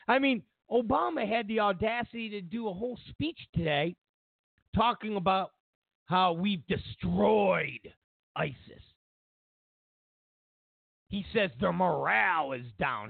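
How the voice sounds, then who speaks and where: A man's voice: high voice, sing-song, measured pace, creaky, long pauses, dry recording. A man hosting a talk radio show, ranting and mocking as he delivers a monologue. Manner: mocking, ranting, acts out both sides of conversations. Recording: tinny, phone-like radio sound.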